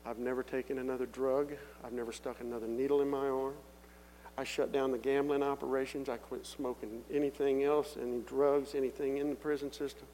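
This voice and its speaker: A middle-aged man giving a personal testimony in sermon style, telling his story earnestly and building up to loud calls to the congregation. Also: medium pitch, level tone, a little fast. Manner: earnest storytelling that swells into loud appeals to the crowd. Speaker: testimony speaker. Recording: echoey hall with faint hum.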